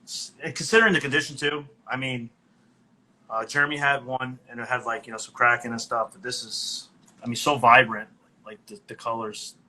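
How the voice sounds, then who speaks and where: A man pitching an item in a casual, easygoing way, full of admiration. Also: steady tone, brisk, bright, forceful tone, poor audio. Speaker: vendor.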